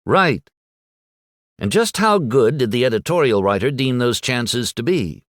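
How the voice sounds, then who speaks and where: A man voicing a stern female schoolteacher who quizzes her class with crisp, probing questions. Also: mid-range voice, lively intonation, unhurried, a bit bright, no room sound, clean studio sound, pitched above the performer's own voice. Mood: quizzing.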